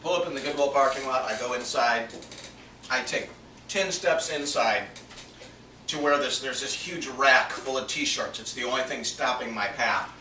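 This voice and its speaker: A man's voice: mid-range voice, moderate pace, sharp tone. A man and minister telling a personal story in a sermon, earnest and confessional, dropping to a near-whisper for his inner thoughts. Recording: echoey from a distance, faint background noise.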